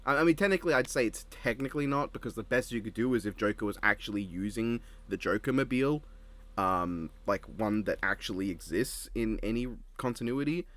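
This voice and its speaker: A man's voice: lowish voice, animated, brisk, fairly bright tone. A man with an Australian accent, co-hosting a casual reaction chat and rambling through his points. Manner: rambling, with frequent restarts and laughs. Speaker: co-host reacting to an episode.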